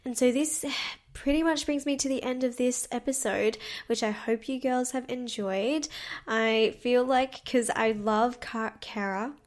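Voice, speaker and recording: Woman, solo podcast host; casual, upbeat, a touch high-pitched, laughs at her own flubs. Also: steady tone, unhurried. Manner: frequent filler "like".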